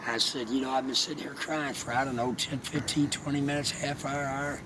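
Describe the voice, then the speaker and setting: A vlogger from Alabama with a medium-pitched voice tells a heartfelt personal story, rambling and halting as he goes. Steady background noise and vehicle sounds can be heard.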